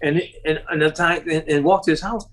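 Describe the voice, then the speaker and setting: A man's voice: fairly even intonation, fairly quick, low-quality recording. A man telling a long story as an interview guest, laughing often and acting out the voices of the people in it. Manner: acts out quoted voices with sharp rises in pitch, laughs often. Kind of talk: animated storytelling.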